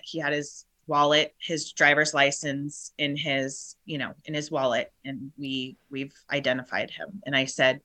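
A middle-aged woman, shaken, telling a painful personal story in a halting way with many restarts. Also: low-pitched, steady tone, bright, forceful tone. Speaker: guest.

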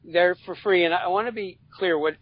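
A man who is a guest on a podcast, talking about coaching in an animated way, acting out little quotes and restarting his phrases. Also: high voice, fairly quick, slightly rough, dry recording, lo-fi sound. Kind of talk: casual interview chat.

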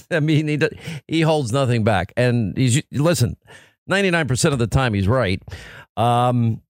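A man hosting talk radio, reading ads and bantering with his co-host in a fast, jokey way. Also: mid-range voice, lively intonation, no room sound. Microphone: studio microphone.

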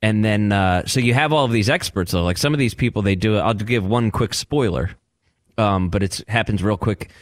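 Low-voiced male co-host telling stories. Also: moderate pace, no room sound, studio quality. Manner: rambling storyteller who acts out voices. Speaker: radio show co-host. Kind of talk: casual chat.

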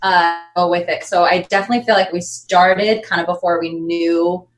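A woman's voice: on the low side, fairly even intonation, moderate pace, poor audio. A woman guest in a casual interview, enthusiastic and talking in long run-on sentences. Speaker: guest, Las Vegas performer.

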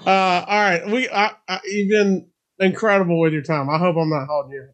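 A man's voice: high-pitched, fairly even intonation, normal speed. A man hosting a podcast interview, joking and friendly with his guest. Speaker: podcast host. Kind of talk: casual interview.

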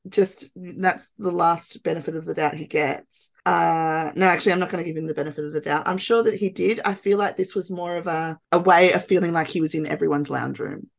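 A young Australian woman chats casually as a podcast host, laughing often. Her voice sits somewhat low. When she reads quotes aloud, she goes flat and mocking. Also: brisk, vocal fry, few pauses. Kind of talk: casual political chat.

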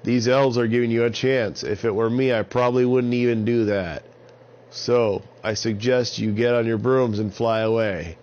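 A man's voice: medium pitch, steady tone, normal speed, darkish tone, pitched above the performer's own voice, natural voice. A man voicing a brave young hero who gives stern warnings in a raised, commanding voice. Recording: slightly dull lo-fi sound with faint hiss.

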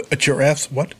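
A man's voice: fairly high pitch, breathy edge. A man co-hosting a podcast, swearing freely and acting out the people in his stories. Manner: swears a lot, acts out voices in stories. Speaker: podcast co-host. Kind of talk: casual chat.

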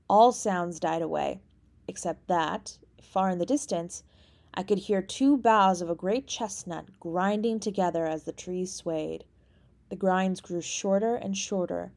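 Woman reading a story, measured. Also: on the low side, vocal fry, darkish tone. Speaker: audiobook reader. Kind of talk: scripted narration.

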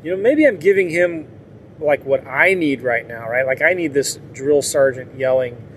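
A man's voice: medium pitch, moderate pace, slight background noise. A man talking casually and candidly to his viewers in a rambling way, with frequent laughs. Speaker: vlogger.

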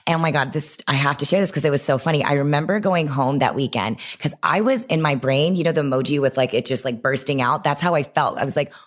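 A young adult woman from the United States, a guest entrepreneur, telling her story in an animated, expressive way during a casual interview. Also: low-pitched, quick pace, few pauses.

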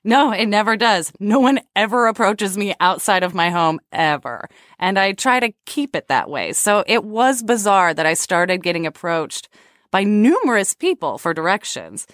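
A woman co-hosting a podcast, chatting casually with wry, deadpan banter. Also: mid-range voice, moderate pace, no room sound. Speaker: podcast co-host. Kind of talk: casual chat.

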